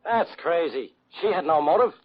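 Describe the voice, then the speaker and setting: An actor playing a hectoring, blustering police inspector in a 1940s radio drama. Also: male voice, on the high side, animated, moderate pace. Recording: dull old radio recording.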